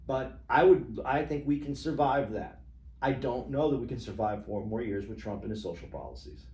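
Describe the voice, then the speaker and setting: A man's voice: mid-range voice, moderate pace, darkish tone. A man co-hosting a podcast, pushing back hard in a political argument with emphatic restarts. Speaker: podcast co-host. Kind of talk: heated political debate chat. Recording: roomy echo.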